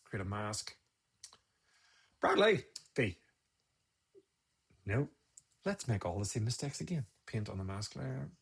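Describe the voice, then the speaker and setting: Speaking a little slowly with long pauses, a photographer streams a photo-editing lesson in a low, slightly rough voice with vocal fry and lively intonation. He mutters his steps, scolds himself, and makes chatty side remarks.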